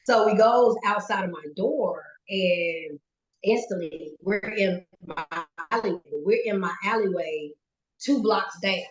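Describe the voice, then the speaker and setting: Animated, goofy woman storyteller; roomy, echoey home recording. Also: mid-range voice, measured pace, dull audio. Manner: goofy and animated, acts out quotes. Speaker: guest. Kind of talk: casual storytelling. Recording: roomy echo. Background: pet rabbit scratching cage.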